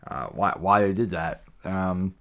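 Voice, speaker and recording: Low-voiced male podcast co-host. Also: measured pace, a bit bright. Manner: stop-start, repeats words as he restarts. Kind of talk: casual podcast chat.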